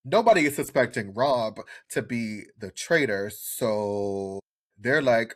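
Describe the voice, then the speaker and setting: A male podcast co-host talks through a reality show episode in loose, casual chat. His voice sits at a mid pitch, and he is animated and profane, slipping into quick impressions of people.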